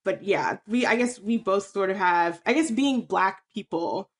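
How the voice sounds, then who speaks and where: A woman's voice: medium pitch, measured pace. A young woman from Texas, co-hosting a laid-back podcast. She talks in loose, hedging phrases with many fillers. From Texas, USA. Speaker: podcast co-host. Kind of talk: casual chat.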